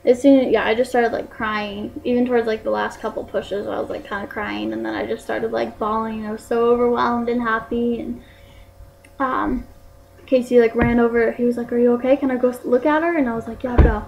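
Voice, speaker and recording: A young woman talks casually into her camera mic, her voice sitting a little high. She rambles along with plenty of "like" and "um" fillers, in the easy way of a personal vlog. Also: level tone, a little fast, creaky, lo-fi sound. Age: young adult. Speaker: vlogger.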